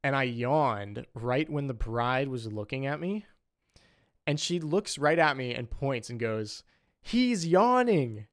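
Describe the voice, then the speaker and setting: A man's voice: medium pitch, measured pace. Rambling young man streaming. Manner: rambling, full of "like" and "um". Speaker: saxophonist streamer. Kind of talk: casual livestream chat.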